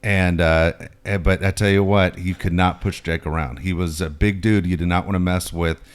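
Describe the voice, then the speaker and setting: A man's voice: deep voice, moderate pace, clear, resonant tone. A middle-aged man co-hosting a casual sports talk show, telling stories animatedly and swearing freely. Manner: animated storyteller, swearing freely, many restarts. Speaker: podcast co-host. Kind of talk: casual sports chat and storytelling.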